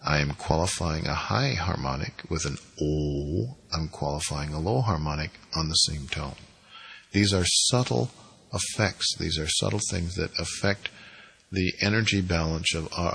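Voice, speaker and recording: A man with a husky voice giving an emphatic, deliberately inflected spiritual lecture on priesthood. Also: low voice, fairly bright tone, low-quality recording. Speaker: spiritual teacher.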